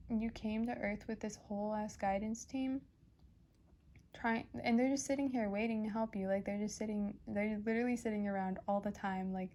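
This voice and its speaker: A woman's voice: on the high side, warm tone. A young woman giving a casual pick-a-card reading as a tarot reader, chatty and rambling with many fillers and restarts. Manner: emotional, gushing.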